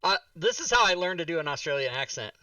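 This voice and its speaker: A man's voice: fairly high pitch, big pitch swings, fast, bright, forceful tone, no room sound, distant mic. A man in his fifties hosting a live stream, joking around and teasing his co-host while reading chat. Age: 50s.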